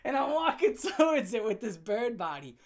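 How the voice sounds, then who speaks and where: A man's voice: very high-pitched, normal speed. Young man telling a wild story, laughing. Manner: animated, laughs often, swears casually. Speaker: storyteller host. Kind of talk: comedic storytime vlog.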